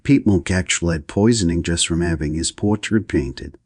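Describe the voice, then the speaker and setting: A man voicing a blunt, impatient young woman in an audiobook reading, talking roughly and curtly. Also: low voice, moderate pace, a little mellow, dry recording, studio quality. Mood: incredulous. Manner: rough, curt, scornful.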